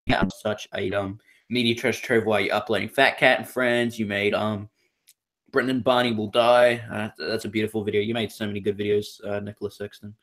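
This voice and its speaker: A man's voice: fairly low pitch, flat delivery, a little fast, fairly bright tone. A young Australian man co-hosting a casual podcast chat, rambling with many fillers and restarts. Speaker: podcast co-host.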